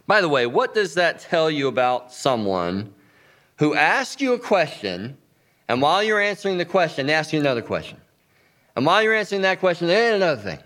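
A man giving an instructional talk, lively, acting out sample lines of dialogue as he explains. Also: a little high. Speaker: teacher.

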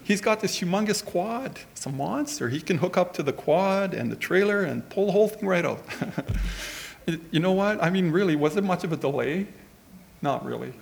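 Gravelly man telling a story. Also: sits high, animated, normal speed. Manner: rambling, conversational anecdote with many asides. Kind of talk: storytelling sermon.

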